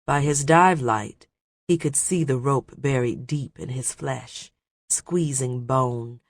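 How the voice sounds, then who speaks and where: Man reading an adventure audiobook, slow and steady, dead dry close sound. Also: medium pitch, no room sound. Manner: steady, measured storytelling. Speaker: audiobook narrator. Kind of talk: scripted narration.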